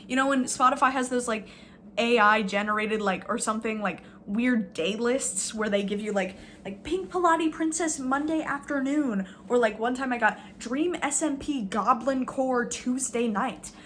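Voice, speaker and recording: A woman's voice: fairly high pitch, normal speed, fairly bright tone, a little hiss or hum. Woman in a rambling sarcastic rant. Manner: sarcastic, filler-heavy, swears casually. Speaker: vlogger.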